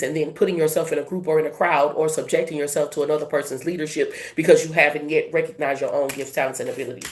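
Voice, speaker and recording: Emphatic tarot reader with a softened Louisiana accent. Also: mid-range voice, a little hiss or hum. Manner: emphatic, rhetorical questions, colloquial asides. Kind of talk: tarot reading to camera.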